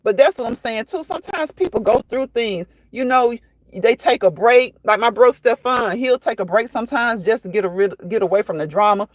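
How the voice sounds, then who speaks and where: A woman's voice: on the high side, brisk. Chatty woman hosting a live stream. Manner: chatty, reacts aloud to comments, repeats phrases. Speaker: live-stream host reading viewer chat. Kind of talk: casual live-stream chat.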